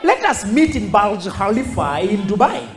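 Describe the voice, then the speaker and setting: A middle-aged man giving a motivational speech to high school students and acting out the people he quotes. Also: normal speed, crowd noise, noisy background. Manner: animated, acts out quoted voices. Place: school hall. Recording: echoey hall.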